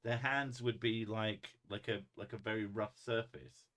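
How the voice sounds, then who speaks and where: A man's voice: lowish voice, fairly even intonation, normal speed, a bit bright. A man reading chat aloud on a casual livestream, laughing often and swearing freely. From United Kingdom.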